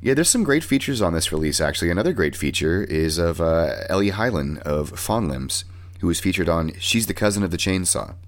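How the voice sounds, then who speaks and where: Low-voiced dude hosting a music podcast, swearing a lot, casual chat. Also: male voice, sing-song, fairly quick. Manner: swears freely, talks about bands. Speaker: podcast host.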